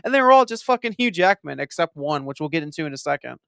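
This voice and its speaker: A man hosting a casual movie commentary, retelling his reactions in an excitable, profane, animated way. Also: on the high side, fast, vocal fry, smooth, no echo, clean studio sound.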